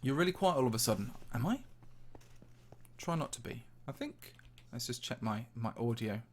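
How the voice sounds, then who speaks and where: Medium-pitched, with lively intonation and a moderate pace, a man hosts a Minecraft channel. Speaking in a slightly posh Midlands English accent, he chats casually and answers viewers' questions as he shows them around a game map.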